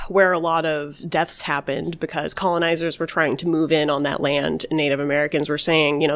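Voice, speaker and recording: A woman's voice: low-pitched, flat delivery, normal speed, hardly any pauses. A woman hosting a casual podcast, telling paranormal stories in a rambling way, full of "like" and "obviously". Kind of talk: casual storytelling chat.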